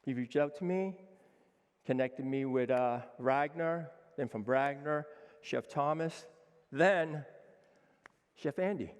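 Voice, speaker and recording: A man in his sixties, a chef giving an energetic, emphatic conference talk, acting out quoted dialogue. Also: on the high side, slow pace, pauses often, clean tone. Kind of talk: conference speech. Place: conference hall with a seated audience. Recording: long hall reverb.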